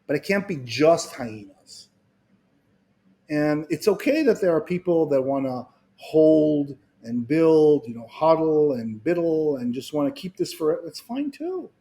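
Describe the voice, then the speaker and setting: A man's voice: fairly high pitch, a little slow. A middle-aged man explaining his ideas in conversation, telling stories with acted-out quotes and frequent restarts. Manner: animated storyteller, acts out quoted voices, repeats words when restarting. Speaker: guest speaker.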